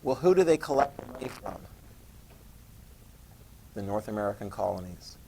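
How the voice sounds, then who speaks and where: A man's voice: fairly low pitch, expressive, normal speed, vocal fry, a little mellow, slight background noise. A man teaching a history class in a conversational lecture style, repeating key points and checking that students follow. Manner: conversational, repetitive, checks understanding.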